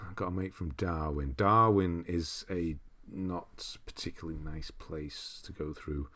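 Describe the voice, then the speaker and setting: A man with a mild northern English accent, hosting a casual livestream, reading viewer comments aloud and chatting in a relaxed, rambling way with frequent chuckles. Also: sits low, measured pace, few pauses. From northern England. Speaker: streamer host.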